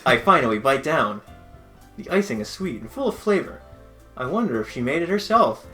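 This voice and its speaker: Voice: medium pitch, big pitch swings, moderate pace, a bit bright, faint music behind. A casual co-host reading the game's dialogue aloud to a friend, laughing and swearing often. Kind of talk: casual gameplay chat.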